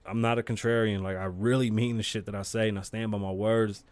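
A man's voice: lowish voice, fast, no echo. A man hosting his own podcast, talking casually and profanely and telling stories with lots of energy. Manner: profane, animated storytelling. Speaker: podcast host.

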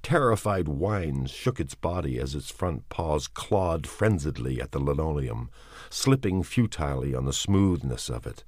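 Male audiobook narrator, extremely deep voice, measured and expressive, dry close sound. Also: no room sound. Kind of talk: dramatic audiobook reading.

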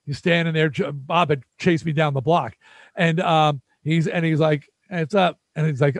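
This musician guest, an older man from New York, spins casual stories and animatedly performs the quoted lines in different voices. He speaks at a moderate pace in a slightly high voice, recorded dry.

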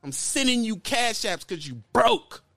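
A man in a heated call-out rant, blunt and mocking, circling back to the same jabs. His voice sits a little high for a man, close and dry with no room sound. Faint music plays underneath. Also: very animated, measured pace, gravelly, fairly bright tone, dry recording. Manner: blunt and mocking, repeats lines. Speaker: YouTuber calling out another trucker.

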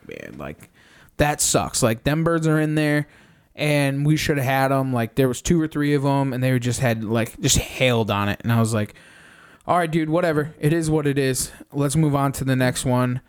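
A young man on a podcast, casually recounting a hunt in animated detail, swearing often and acting out his own reactions. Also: mid-range voice, clear, resonant tone. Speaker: podcast co-host. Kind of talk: casual storytelling recap.

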